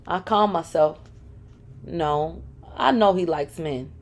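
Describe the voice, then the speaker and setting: A woman's voice: lowish voice, slow pace. A woman reading a first-person memoir aloud, candid, and breaking in with sarcastic asides. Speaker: reader of a memoir.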